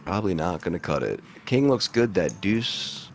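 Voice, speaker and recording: Deep, animated male play-by-play caller for live poker, easygoing and jokey. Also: moderate pace, creaky, slight background noise. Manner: relaxed, joking play-by-play. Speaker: poker commentator.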